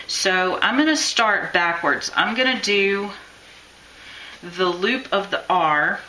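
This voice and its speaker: A woman's voice: medium pitch, slow, bright, forceful tone, a little hiss or hum, rough recording. A woman teaching chalk lettering on a live stream, chatting and encouraging as she works. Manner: chatty, encouraging, talks while working. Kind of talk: live-stream drawing tutorial.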